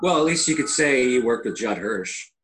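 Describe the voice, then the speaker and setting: A man's voice: medium pitch, animated, moderate pace, fairly bright tone, a little hiss or hum. A male podcast host in casual chat, laughing easily and chipping in with wry short reactions.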